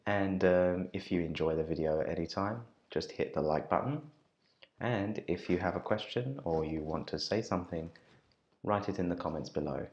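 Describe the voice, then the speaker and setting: A man teaching an online pronunciation lesson as an English teacher, repeating words slowly and carefully and talking directly to his viewers. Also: deep voice, darkish tone, highs cut off. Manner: friendly direct address to viewers.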